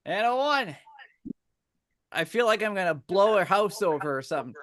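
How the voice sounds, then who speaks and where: Playful man hosting, lively pitch. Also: moderate pace. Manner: playful, laughs often. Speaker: host. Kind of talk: casual live chat.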